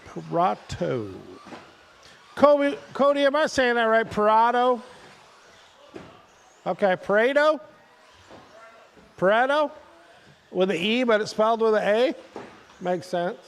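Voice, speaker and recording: High-voiced, unhurried race announcer man. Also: lively intonation, creaky, big-room sound. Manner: casual, chatty, calls drivers by name. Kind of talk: live race commentary.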